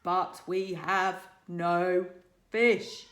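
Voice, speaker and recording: A woman voicing a small, greedy young dragon with a hissing, breathy, high voice that speaks in short broken demands. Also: very animated, drawn-out words, pushed and bright, full character voice. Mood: hungry. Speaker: teacher. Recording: echoey room.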